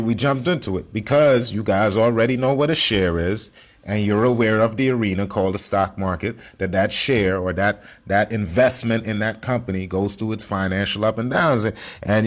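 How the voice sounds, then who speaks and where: A man teaching casually, in a blunt and slangy way with plenty of swearing, repeating his points as he walks through a screen share. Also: lowish voice. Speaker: self-taught investing teacher.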